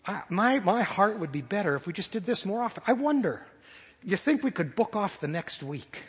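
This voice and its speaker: A high-voiced man with a husky edge preaches a sermon, earnest and searching. He stumbles and restarts as he voices imagined prayers aloud. His words ring with the long reverb of a large hall. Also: big pitch swings, normal speed.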